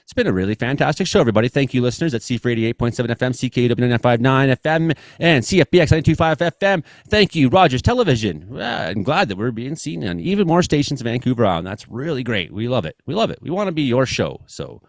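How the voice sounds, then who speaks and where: Lively host with an Ottawa Valley accent. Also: male voice, medium pitch, fast, hardly any pauses, dry recording. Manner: joking, animated, rambling. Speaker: radio show host. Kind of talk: casual show banter.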